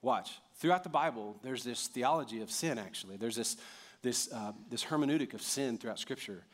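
A man's voice: mid-range voice, brisk. A pastor preaching a conversational sermon, asking the congregation questions and often repeating words as he goes. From United States.

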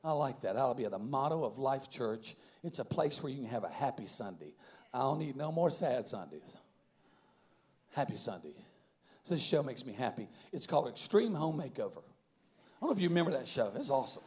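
A male pastor preaching a sermon, telling a story animatedly, with bursts of shouting and frequent restarts. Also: medium pitch, big pitch swings, a little fast. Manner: many repeated words and restarts.

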